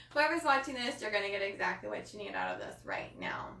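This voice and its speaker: A woman's voice: medium pitch, huge pitch swings, fairly quick, creaky, sharp tone. A woman coach hosting a live talk to her viewers, passionate and emotional, with many fillers. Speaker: coach hosting a live body-image training. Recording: roomy sound from a distant mic.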